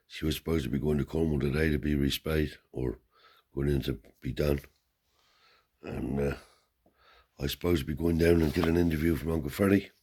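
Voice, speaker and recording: A man's voice: very deep voice, a little mellow, slightly rough. A man telling a family story in a rambling, casual way, slipping in Romani cant words and tag questions. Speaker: storyteller and channel host.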